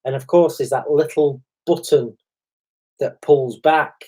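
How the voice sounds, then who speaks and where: Brief: middle-aged man, chatty co-host, animated storyteller who slips into others' voices. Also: fairly high pitch, a little slow, breathy edge. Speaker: podcast co-host. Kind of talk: casual chat.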